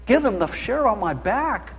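A middle-aged man preaching a sermon, passionate and emotional, his voice going shrill when he raises it. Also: big pitch swings, moderate pace, fairly bright tone, breathy edge. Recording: reverberant hall.

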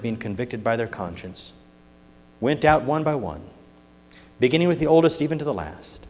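A man preaching a sermon, moving from hushed scripture reading to loud emphatic points, with folksy turns of phrase. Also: lowish voice, a little hiss or hum. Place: church sanctuary. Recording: long hall reverb.

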